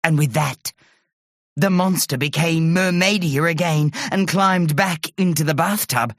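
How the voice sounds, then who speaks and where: A woman reading a children's story aloud in a lively, expressive way. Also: deep voice, dry recording, clean studio sound. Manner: lively, quick expressive narration. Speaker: narrator.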